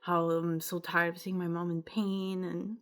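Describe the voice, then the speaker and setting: A woman's voice: on the low side, flat delivery, unhurried, fairly bright tone. A young woman from Quebec with a Quebec French accent, telling a rambling, emotional personal story in a casual vlog. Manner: rambling, emotional, with filler words and self-interruptions. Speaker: vlogger.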